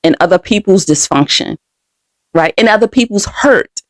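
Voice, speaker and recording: A woman's voice: mid-range voice, animated, moderate pace, no echo, clean studio sound. A young adult woman hosting a podcast, telling a personal story candidly and with feeling, speaking straight to her listeners. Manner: candid, emotional, addresses listeners directly. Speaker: podcast host.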